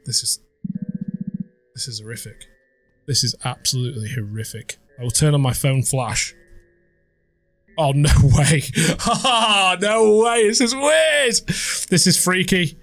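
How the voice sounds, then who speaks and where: Jumpy gamer man, slow talker. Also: fairly high pitch, fairly bright tone, no echo, faint music behind. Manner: jumpy, swearing, muttering reactions. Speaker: gaming YouTuber. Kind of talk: horror game let's play commentary.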